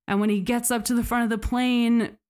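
A woman's voice: on the high side, little pitch movement, brisk, darkish tone, smooth. A woman hosting a podcast, telling a true story in a casual, conversational way with frequent fillers. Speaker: podcast host.

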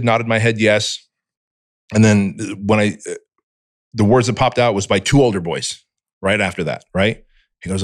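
Guy from armenia telling his story straight, swears a lot, lowish voice, dry close sound. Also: fairly even intonation, moderate pace, no room sound. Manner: blunt and profane, acts out his own inner voice. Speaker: podcast guest. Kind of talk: candid personal storytelling.

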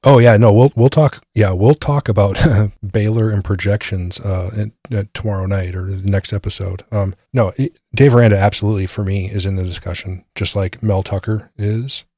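Low, mellow-voiced man talking sports. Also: fairly even intonation, normal speed, few pauses, dry recording, clean studio sound. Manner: conversational, hedging with fillers. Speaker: podcast co-host. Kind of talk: casual sports chat.

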